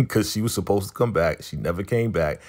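A man casually recapping a TV episode, retelling scenes and acting out the characters' lines in a lively way. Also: a little fast. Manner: animated retelling, jumps into high voices for quoted characters. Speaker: show recap host.

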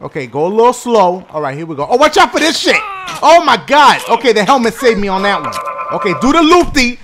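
A man hosting a gaming video, giving loud, slangy, profane play-by-play and shouting at the game. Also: extremely high pitch, big pitch swings, a little fast, crowd noise. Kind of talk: excited gameplay commentary.

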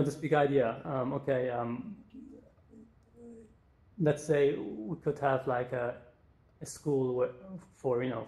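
A man's voice: medium pitch, a little mellow. A man giving a conference talk as a startup co-founder, hesitant, with many fillers and restarts. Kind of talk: conference talk in a virtual space. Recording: roomy echo.

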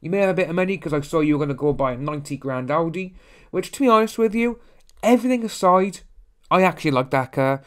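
A man's voice: on the high side, animated, fast talker, smooth. Blunt man ranting. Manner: blunt, ranting, often mimics others in quotes. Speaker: commentary channel host. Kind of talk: casual opinion commentary.

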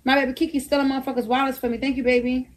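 A young woman hosting a livestream races through casual talk in a high, level-toned voice. She swears and scolds her viewers while begging them for gifts.

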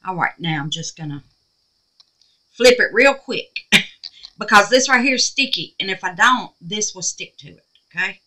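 A woman talking viewers through a resin craft, chatty and quick to exclaim, calling them babies and y'all. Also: mid-range voice, animated, bright, forceful tone, a little hiss or hum, poor audio. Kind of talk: casual crafting tutorial talk.

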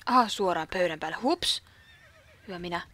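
A woman from Finland muttering quiet, casual asides while playing a game. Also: on the low side, animated, fast. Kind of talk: casual gameplay commentary.

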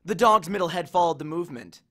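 A man reading a novel chapter aloud with an expressive, animated delivery. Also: high voice, fast. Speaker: audiobook reader. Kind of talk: storybook reading.

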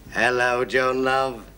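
A cheeky English immigrant. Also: male voice, mid-range voice, sharp tone, clear, resonant tone, full character voice. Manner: cheeky, jokey, quick with insults. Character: cheeky mouthy English immigrant man, middle-aged. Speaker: newly arrived Englishman. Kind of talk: 1970s studio sitcom acting. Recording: noisy old TV audio with studio audience laughter.

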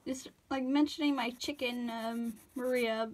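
Young woman with a high, cartoony voice, tired and rambling, self-deprecating, stammers while narrating a drawing. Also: steady tone, measured pace, a little mellow. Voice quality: cartoony put-on voice. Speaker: drawing tutorial vlogger. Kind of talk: casual drawing commentary.

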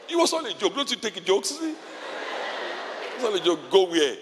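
A man preaching a sermon as pastor, telling stories with sudden shouts and laughter. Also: sits high, very animated, a little slow, pauses often, a little hiss or hum. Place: large church hall. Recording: long hall reverb.

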